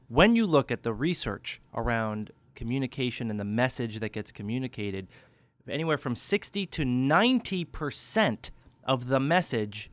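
Male speech coach, energetic, lively inflection, mid-pitched voice, dry close mic. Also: no room sound. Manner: energetic, varies inflection for emphasis. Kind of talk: instructional podcast tip.

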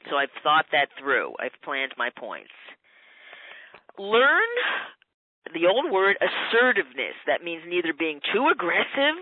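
A woman's voice: lowish voice, big pitch swings, a little slow, no room sound. Instructive woman on a tinny phone line. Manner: instructive, methodical, with fillers. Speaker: speech coach guest. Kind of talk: advice on a radio interview.

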